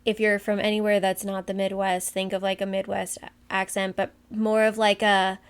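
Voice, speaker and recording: A woman's voice: mid-range voice, flat delivery, normal speed, clear, resonant tone. A young woman co-hosting a podcast in casual chat, talking at length with many fillers and asides. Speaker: podcast co-host.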